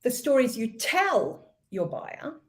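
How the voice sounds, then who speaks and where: A woman from Australia with an Australian accent, a sales expert explaining her ideas in an interview, thoughtful and measured. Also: on the high side, big pitch swings. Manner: thoughtful, measured, with ums and light laughs. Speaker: podcast guest, sales expert.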